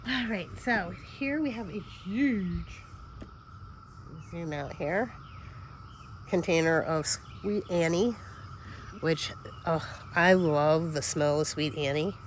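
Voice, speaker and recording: A woman's voice: on the low side, slow pace, long pauses, slight background noise. A woman giving a casual tour of her vegetable garden outdoors, chatty and easily distracted, sniffling a little as she talks.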